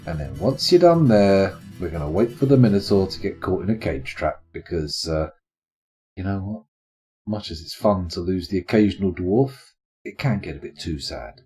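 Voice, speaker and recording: A man's voice: low voice, big pitch swings, moderate pace, warm tone. A man streams a game live, his voice rising and falling as he chats to viewers. He swears casually and thanks people as they join. Faint guitar music plays behind him. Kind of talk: live gameplay commentary.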